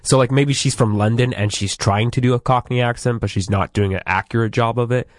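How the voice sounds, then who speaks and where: A man in casual podcast chat, walking through a cartoon episode with wry asides and plenty of hedging. His voice sits at an ordinary middle pitch. It is close and dry, with no room sound. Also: steady tone, brisk, no echo. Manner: wry, chatty plot recapping with hedges. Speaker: podcast host recapping episodes.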